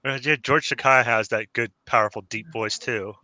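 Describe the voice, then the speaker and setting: A man's voice: medium pitch, steady tone, moderate pace, sharp tone, no room sound, rough recording. A man who streams live, chatting casually and eagerly, stumbling over his words. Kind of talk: casual group chat.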